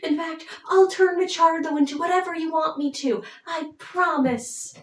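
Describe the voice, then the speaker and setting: A woman's voice: extremely high pitch, normal speed, pitched above the performer's own voice. A woman voicing a sweet-talking sorceress who coos reassurances. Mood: cooing. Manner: cooing, reassuring. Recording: roomy, distant mic.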